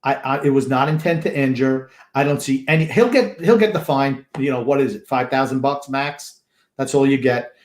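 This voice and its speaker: A man co-hosting a sports podcast, gruff and sarcastic in casual chat. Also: medium pitch, moderate pace, reverberant. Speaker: podcast co-host.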